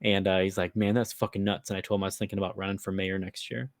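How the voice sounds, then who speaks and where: A man's voice: low-pitched, level tone, fast talker, dry recording, clean studio sound. A man with an Upper Midwest American accent, casually telling a long prank story on a podcast, laughing and swearing as he goes. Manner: rambling, swears freely, laughs while telling. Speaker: podcast co-host.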